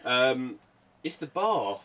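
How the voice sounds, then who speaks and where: A man's voice: medium pitch, big pitch swings, takes it slowly, distant mic, over a noisy crowd. A man, co-hosting a casual chat in a blunt, sweary way. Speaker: podcast co-host.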